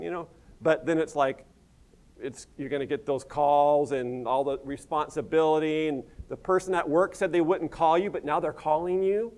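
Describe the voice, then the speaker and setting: A man's voice: on the high side, normal speed. A middle-aged American man, a pastor, preaching a sermon in a conversational, folksy way full of asides. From United States. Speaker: pastor and missions director.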